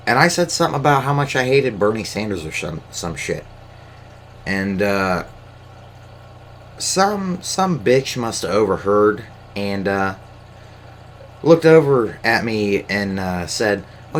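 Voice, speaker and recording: Low-voiced guy, solo podcast host, hesitant and profane, light background hiss. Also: very animated, takes it slowly, long pauses. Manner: hesitant, lots of fillers, profane. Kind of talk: casual rambling monologue. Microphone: camera mic.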